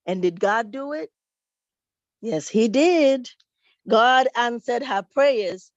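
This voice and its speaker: A woman telling a Bible-style story to children at church, lively and expressive. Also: on the high side, takes it slowly, no echo. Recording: dull, dry recording.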